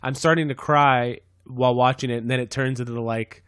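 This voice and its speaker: A man's voice: medium pitch, steady tone, a bit bright, clear, resonant tone, no room sound. A man from San Diego talks casually on a podcast in a middle register. He rambles, halts and restarts his thoughts as he goes. The sound is dry and close, with no room behind it. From San Diego, California. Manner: rambling, halting, with many restarts. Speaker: podcast host. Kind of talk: casual chat.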